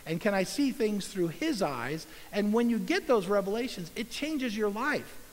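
A pastor preaching a sermon, earnest and conversational, acting out little asides and inner dialogue. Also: male voice, high voice, expressive, normal speed, in a large hall, rough recording.

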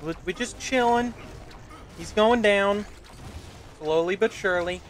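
A man's voice: high-pitched, unhurried, slight background noise. A man streaming a video game, chatting casually, swearing now and then, and talking to the game. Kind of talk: casual gameplay commentary.

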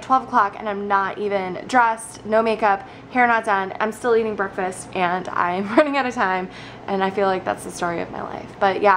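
A woman's voice: mid-range voice, a bit bright, slight background noise. A woman chatting casually into a handheld camera for her vlog, bubbly and gushing, full of fillers. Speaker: vlogger. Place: car, then bridal shop.

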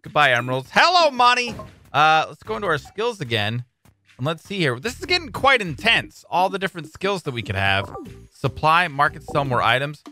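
A man talks through a game he is playing, his bright voice leaping around in pitch. He drops to a mutter one moment and bursts out loud the next. Faint game music plays behind him. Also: brisk. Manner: excitable, swings between mumbling and loud outbursts, says "dude" a lot. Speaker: gaming YouTuber. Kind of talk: casual let's-play commentary.

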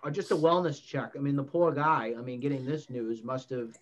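A male sports talk host who rants bluntly about his team and throws in mild swearing. His voice is pitched in an ordinary middle range. The sound is muffled and lo-fi, recorded in a small public-access studio. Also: a little fast. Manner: blunt and ranting, with frequent swearing. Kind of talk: casual sports debate.

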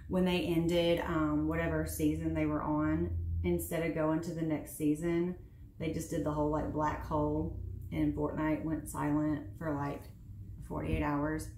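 A woman's voice: low-pitched, roomy sound, a little hiss or hum. Chatty woman in her thirties venting. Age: 30s. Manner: chatty and animated, venting with sarcasm. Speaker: beauty vlogger. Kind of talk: casual chat while doing makeup. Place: home room.

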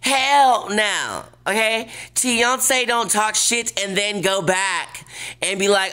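A woman's voice: mid-range voice, slow pace, pushed and bright, clear, resonant tone. A woman hosting a casual vlog while lying in bed, talking in a brash, profane, sassy way. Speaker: vlog host.

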